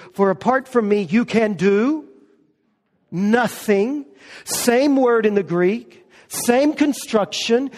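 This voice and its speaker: Man, pastor, preaching, high voice, long hall reverb. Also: a little mellow. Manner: emphatic preaching with slow stressed words. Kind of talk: sermon.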